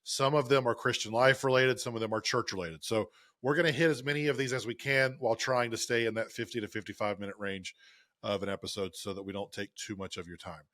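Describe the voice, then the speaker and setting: A man talks through listener questions in a loose, joking way. His voice sits low, and the recording is dry and close with little room sound. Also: steady tone, quick pace, a bit bright, no echo. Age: 30s. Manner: easygoing, joking, explanatory. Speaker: podcast co-host. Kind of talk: casual podcast chat.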